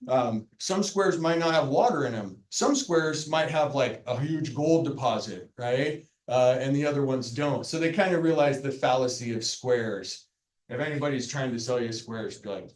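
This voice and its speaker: A man's voice: a little high, lively intonation, normal speed, distant mic. A man giving a university lecture in a casual, joking way, often checking in with "right?". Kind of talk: classroom lecture. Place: lecture hall. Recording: echoey lecture hall, speaker off mic.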